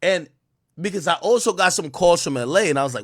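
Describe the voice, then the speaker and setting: Male streamer telling a story, bright, high and jumpy delivery, swearing freely; dry close mic. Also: a little fast, no room sound. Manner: excitable, profane, swings between loud outbursts and mumbled asides. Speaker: live streamer. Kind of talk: animated storytelling on a live stream.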